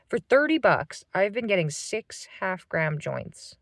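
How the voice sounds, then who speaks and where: A woman's voice: medium pitch, sing-song, a little slow, no room sound, clean studio sound. A woman in her thirties venting in a rambling, swearing monologue from a parked van. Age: 30s. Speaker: vlogger.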